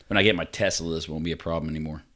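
A man with a very low, deep voice co-hosting a casual podcast. He talks in blunt, crude, joking banter, full of swearing. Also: pushed and bright. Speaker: podcast co-host. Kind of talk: casual chat.

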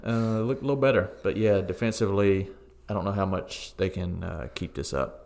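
A man co-hosting a football podcast, giving relaxed, opinionated match takes with frequent ums and uhs. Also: low voice, brisk, gravelly. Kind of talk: casual sports chat.

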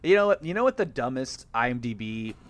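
A man hosting a casual movie podcast, animated and quick to laugh. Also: mid-range voice. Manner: animated, laughs often, jokey. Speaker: podcast host.

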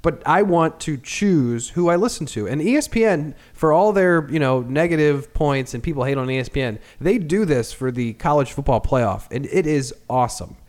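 Male podcast host, a bit high-voiced, loose and profane sports talk. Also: moderate pace, few pauses. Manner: animated, profane, opinionated. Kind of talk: casual sports chat.

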